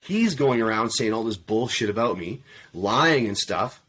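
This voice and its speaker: A man's voice: fairly low pitch, unhurried, slightly rough. Blunt, profane man telling a story. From Canada. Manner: blunt, profane, swears constantly; animated, acts out quoted dialogue. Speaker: podcast panel guest, army veteran. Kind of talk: casual storytelling in a round table.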